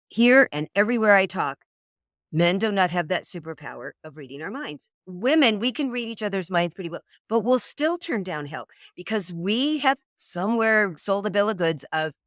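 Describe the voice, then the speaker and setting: A middle-aged woman talking as a dating coach in an interview, an animated storyteller who acts out quoted voices. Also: mid-range voice, no echo, studio quality. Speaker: dating coach, podcast guest. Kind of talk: conversational interview.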